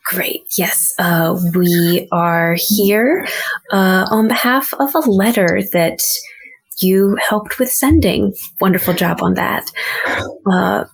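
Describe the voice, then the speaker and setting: A woman's voice: mid-range voice, slow pace, creaky, husky. Friendly woman tabletop player. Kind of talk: playing a tabletop game.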